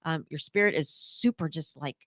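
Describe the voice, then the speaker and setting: A woman's voice: low voice, normal speed, fairly bright tone, dry recording, studio quality. A woman hosting a radio talk show, chatty and encouraging with many fillers. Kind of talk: casual interview chat.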